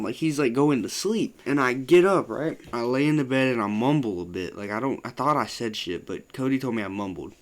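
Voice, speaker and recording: Young man, vlogger, casual storytelling, rambling, swears a lot, middle pitch. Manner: loose, profane, full of "like" fillers.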